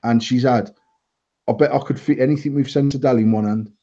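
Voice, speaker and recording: A man's voice: medium pitch, brisk. A man, host of a casual banter show, telling blunt, sweary stories. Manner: sweary storytelling, lively and blunt. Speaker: host and vape company owner. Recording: dull lo-fi live stream audio.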